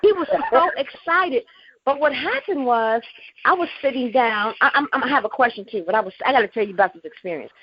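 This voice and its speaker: A woman calling in to a talk show, chatting excitedly and gushing, repeating herself as she tells her story. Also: a little high, brisk, slightly rough. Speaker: caller. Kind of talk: excited call-in chat. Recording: muffled phone line with faint hiss.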